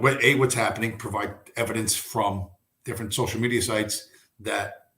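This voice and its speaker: A man's voice: on the low side, fairly bright tone. A man hosting a livestream, talking in a rambling, profane, storytelling way. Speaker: livestream host. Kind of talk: casual livestream monologue. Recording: roomy echo.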